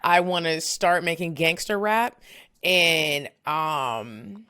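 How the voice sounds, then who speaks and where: A woman's voice: fairly low pitch, slow, pushed and bright. A woman co-hosting a casual podcast chat, telling stories frankly and laughing along. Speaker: co-host.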